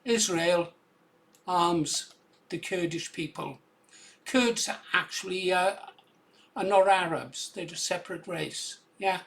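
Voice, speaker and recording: A man's voice: high voice, takes it slowly, gravelly, fairly bright tone. A man with an English accent giving casual, conversational commentary on video clips, often adding "yeah?" to his points. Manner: conversational, tag questions like "yeah?".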